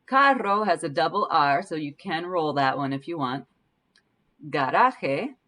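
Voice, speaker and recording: A woman teaching Spanish pronunciation in a patient way, slowly repeating each word to demonstrate it. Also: low voice, lively intonation, bright, forceful tone. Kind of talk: language lesson.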